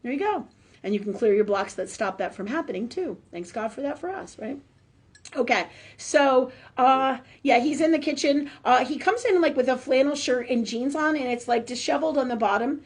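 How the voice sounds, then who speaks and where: Leading a live spiritual talk with prayer, a woman medium chats away and ends sentence after sentence with "right?" She has a high, husky, animated voice and speaks at a moderate pace.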